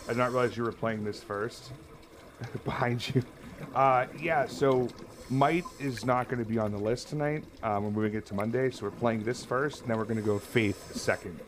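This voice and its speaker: Male gamer, live commentary, panicked shouting, cursing, game water sounds behind. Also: medium pitch, fairly even intonation, normal speed, background noise. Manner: swears and yells in panic at the game. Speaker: streamer.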